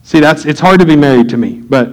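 Man, pastor, high voice, conversational sermon, acts out quotes. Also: quick pace, low-quality recording.

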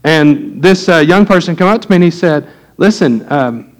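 Man, middle-aged, pastor, sermon in church, folksy storytelling, slightly high pitch. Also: normal speed, low-quality recording. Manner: folksy storytelling, animated when quoting.

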